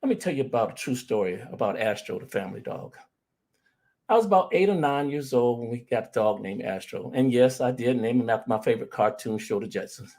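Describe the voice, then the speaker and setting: A man's voice: medium pitch, animated, brisk, a little mellow. A middle-aged man, a grief recovery specialist, telling personal stories in an earnest motivational talk. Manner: earnest storytelling, addresses audience directly.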